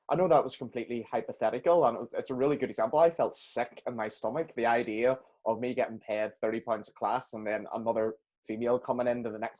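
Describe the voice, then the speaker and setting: A man hosts a relaxed podcast chat. He jokes at his own expense and laughs easily. His voice sits at a middle pitch. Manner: jokey, self-deprecating, laughs often. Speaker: podcast host. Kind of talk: casual interview chat.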